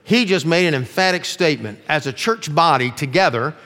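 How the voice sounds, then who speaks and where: A middle-aged male pastor preaching a sermon earnestly, dropping his voice low to stress key lines. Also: expressive, a little fast, sharp tone. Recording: long reverb of a large room.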